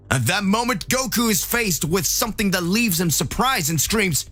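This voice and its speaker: A man's voice: high voice, big pitch swings, normal speed, hardly any pauses, pushed and bright, faint music behind. A man narrating a dramatic fan-made story.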